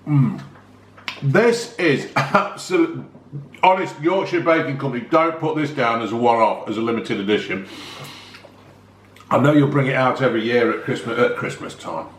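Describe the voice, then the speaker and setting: A man's voice: medium pitch, moderate pace, reverberant, a little hiss or hum. A man, chatting enthusiastically as a casual food review vlogger, often talking while eating.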